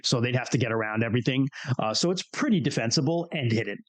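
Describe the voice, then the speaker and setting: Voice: medium pitch, lively intonation, fast talker, no echo. A game master narrating a tabletop role-play in a casual way, often repeating words as he describes the scene.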